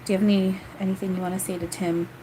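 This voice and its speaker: A woman's voice: medium pitch, flat delivery, racing, heavy background noise. A woman doing a live-streamed spirit reading as a medium, rambling and hesitant with many fillers. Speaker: psychic medium.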